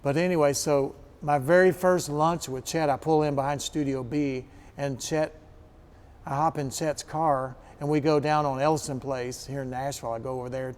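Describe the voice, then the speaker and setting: A man's voice: on the high side, moderate pace, clean tone. A middle-aged man from Kentucky, a guest musician, telling stories in a casual interview and acting out the voices of the people in them. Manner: animated anecdotes, acts out quoted voices.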